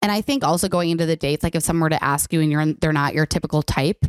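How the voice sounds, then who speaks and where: A woman's voice: deep voice, fast, no room sound, studio quality. A young woman co-hosting a casual podcast chat, talking in loose run-on sentences full of "like". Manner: chatty, lots of "like", trails off and restarts. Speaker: podcast co-host.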